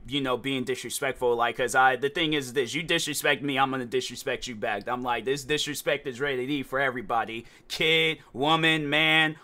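Young male podcast host, loose rambling delivery, slightly high voice, very bright tone. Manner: rambling, animated storytelling with many fillers. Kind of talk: casual solo podcast talk.

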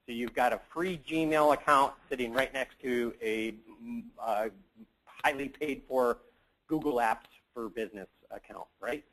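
A man's voice: mid-range voice, rough recording. Joking, rambling male tech presenter. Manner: casual, joking, rambling with many fillers. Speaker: conference presenter. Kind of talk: conference talk.

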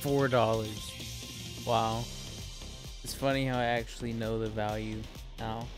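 A man's voice: on the low side, level tone, unhurried, over music. A man streaming a video game, making wry, offhand remarks as he plays. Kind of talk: gameplay commentary.

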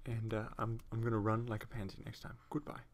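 A young man casually commentating his own gameplay at home on a desktop microphone, rambling and self-mocking with sudden excited outbursts. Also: lowish voice, fast talker, noisy background. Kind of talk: casual let's-play commentary. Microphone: desktop USB microphone.

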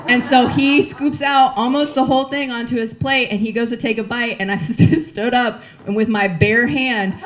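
A woman's voice: a little high, normal speed, hardly any pauses. Chatty woman comedian telling a story. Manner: chatty, animated storytelling with voiced asides. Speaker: stand-up comedian. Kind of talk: stand-up set.

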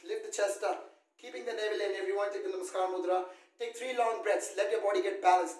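A man with a high-sitting, steady voice and a quick pace leads a live yoga class. He calls out poses and counts holds in a firm, coaching way. The room echoes, and his voice sounds far off.

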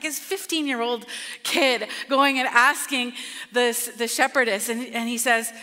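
A woman preaching a sermon in a church, in an animated, conversational way that acts out quotes. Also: high voice. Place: church sanctuary. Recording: long reverb of a church hall.

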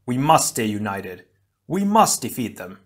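A man voicing a hot-tempered male fire hero who leads his brothers with loud battle cries. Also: mid-range voice, very animated, measured pace. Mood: determined.

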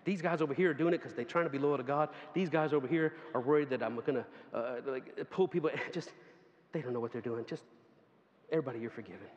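A man preaching a sermon, telling a lively story and acting out the people in it with bursts of laughter. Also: mid-range voice, fast talker. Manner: animated, laughing storyteller who acts out quoted voices. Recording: dull, echoey hall sound with faint ambience.

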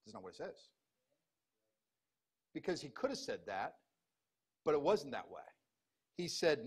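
Pastor guy preaching, kinda high voice, gets loud then drops real low. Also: sing-song, moderate pace, pauses often, breathy edge. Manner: emphatic, swings between loud bursts and low hushed reading. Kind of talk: sermon.

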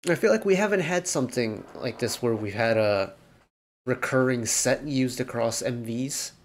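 A man reacting to a music video, picking apart the arrangement in a loose, thinking-aloud ramble. His voice sits at an ordinary middle pitch, and he talks casually with plenty of fillers as he works through his thoughts. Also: moderate pace, slight background noise. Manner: analytical, rambling with many fillers. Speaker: K-pop reaction host.

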